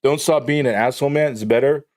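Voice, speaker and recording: A man's voice: mid-range voice, fast, darkish tone, a little hiss or hum. A man live streaming, chatting casually in a rambling, profane, joking way.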